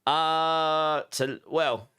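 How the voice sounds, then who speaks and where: A man's voice: on the high side, fairly even intonation, sharp tone, smooth. A man in his thirties with an Essex accent, chatting casually with viewers while streaming a game and reading out their messages. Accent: Essex English. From southeast England. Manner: chatty, reads out viewer messages, quick asides. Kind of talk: casual live-stream chat.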